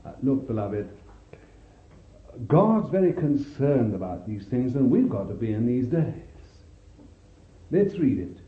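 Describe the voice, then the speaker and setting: A man's voice: mid-range voice, unhurried, pauses often. A man preaching a sermon, reading scripture aloud and exhorting his listeners. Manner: expressive Bible reading and exhortation. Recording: echoey, tinny old sermon recording.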